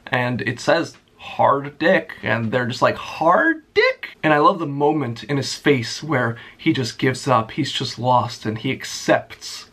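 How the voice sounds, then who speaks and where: A man's voice: medium pitch, fairly bright tone, breathy edge. A young man telling a work story as a casual, profane and sarcastic rant. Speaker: vlogger.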